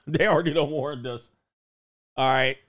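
A man's voice: a little high, steady tone, unhurried, a bit bright, no echo, clean studio sound. A man hosting a casual livestream, joking and laughing as he reads out viewer comments. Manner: joking, laughs often, slangy. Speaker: show host.

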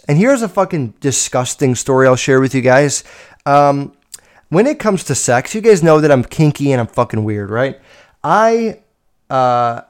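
A young man hosting a casual solo podcast, telling stories in a blunt, rambling way full of swearing, with loud bursts and low mutters. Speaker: podcast host.

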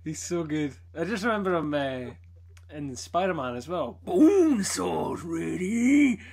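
A man chatting casually in a comic book group, animated and quick to laugh. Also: fairly high pitch. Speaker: comic book club member.

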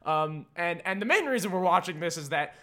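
A young man hosts a podcast in loose, rambling chat with a wry edge. His voice sits a touch high and sounds bright and forward. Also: lively intonation, a little fast. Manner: wry, rambling, frequent laughs and hedges. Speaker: podcast host.

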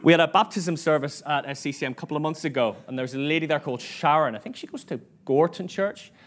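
A man's voice: a little high, quick pace, a bit bright. A man preaching a sermon in church, chatty and self-mocking, acting out quoted voices as he tells stories.

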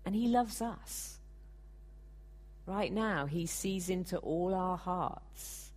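A woman preaching a sermon, earnest and measured, sometimes acting out the people she quotes. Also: lowish voice, a little mellow.

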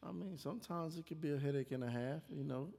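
A man's voice: fairly high pitch, fast, creaky, mellow. A man co-hosting a podcast in casual chat, laid-back and understated. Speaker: podcast co-host, barber. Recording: roomy reverb.

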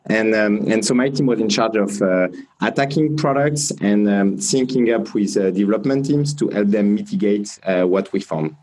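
A man from France with a French accent, a company founder answering interview questions in measured speech full of fillers. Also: fairly low pitch, darkish tone, low-quality recording. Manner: measured, many fillers and restarts.

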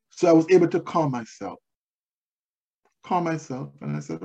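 Husky-voiced man preaching a sermon. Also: fairly high pitch, very animated, moderate pace, darkish tone, dull audio. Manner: repeats key phrases for emphasis; tells personal stories to make points. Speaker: pastor.

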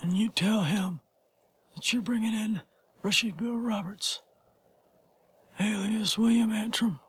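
An actor playing a frail, dying old man who quietly confides that he was once a famous outlaw. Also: high-pitched, fairly even intonation, a little slow, heavily acted. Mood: confiding. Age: older. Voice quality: breathy, whispery, raspy. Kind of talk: film drama dialogue.

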